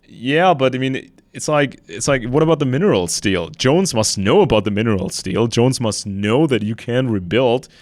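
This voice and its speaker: A man's voice: medium pitch, animated, normal speed, few pauses, a little mellow, no room sound. A man hosting a podcast, casually retelling a debate and commenting on it. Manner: conversational, retells a debate with quotes and asides. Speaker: podcast host.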